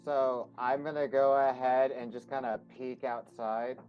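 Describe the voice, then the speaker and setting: A man playing a tabletop game who speaks in a low-key, mumbly way. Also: fairly even intonation, unhurried, dull audio, faint music behind. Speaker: player.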